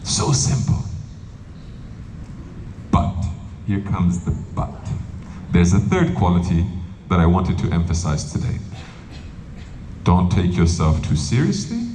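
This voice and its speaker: A monk giving a humorous spiritual talk, telling stories with lively delivery and acting out quoted voices. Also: male voice, deep voice, unhurried, pauses often. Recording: roomy hall with faint noise.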